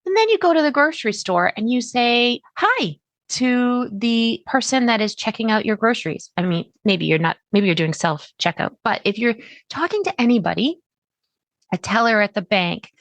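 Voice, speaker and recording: Chatty animated woman podcast host. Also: normal speed, no room sound. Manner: chatty and animated, with sudden pitch jumps when acting out voices. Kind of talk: solo podcast talk.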